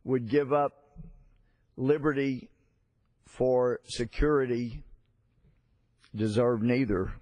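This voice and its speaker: Slow, deliberate congressman. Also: mid-range voice, fairly even intonation, a little mellow, dry recording. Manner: storytelling, halting with fillers and restarts. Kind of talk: floor speech with anecdote.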